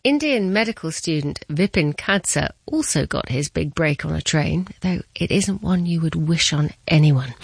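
A woman with a low, steady voice delivering a scripted broadcast link in a measured newsreader manner. Her voice sounds dry and close. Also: no room sound. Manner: measured, newsy. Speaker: presenter.

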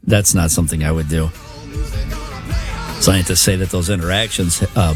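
A middle-aged man hosting a radio show, joking and teasing his co-host while reading out survey results. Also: lowish voice. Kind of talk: morning radio banter.

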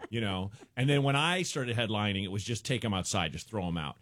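A man telling a rambling anecdote as a radio guest, jumping into the voices of the people in it. His pitch swings widely from low to high. The studio mic is close and dry, with no room sound. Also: a little fast, no echo. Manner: rambling, animated storyteller who acts out characters. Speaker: stand-up comedian guest. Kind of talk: telling a story on a radio show.

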